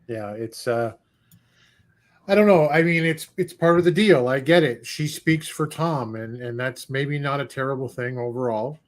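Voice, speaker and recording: A man co-hosting a podcast in casual chat, making dry, deadpan jokes between hesitant fillers. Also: medium pitch, moderate pace. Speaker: podcast co-host.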